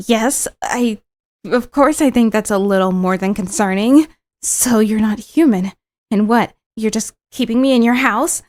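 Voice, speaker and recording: A woman's voice: fairly high pitch, unhurried, darkish tone, no room sound. A young woman streamer reading a visual novel aloud and breaking off into giggly, teasing asides.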